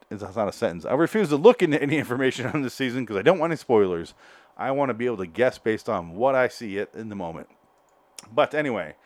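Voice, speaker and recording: Sounding out of breath, a male podcast host working solo reviews an episode, rambling, joking and keeps correcting himself. His voice sits on the low side, and the recording is dry.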